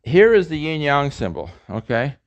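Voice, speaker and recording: A man's voice: on the high side, sing-song, moderate pace, creaky. A man, a professor, giving a classroom lecture and explaining sounds step by step, with fillers and restarts. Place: lecture room. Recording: dull lo-fi lecture recording.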